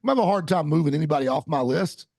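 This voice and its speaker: A man's voice: fairly high pitch, animated, racing, vocal fry, a little mellow, no echo, studio quality. A man in his forties co-hosting a podcast, chatting bluntly and teasingly about football. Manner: blunt, teasing, trails off and restarts. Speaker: podcast co-host. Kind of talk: casual sports chat.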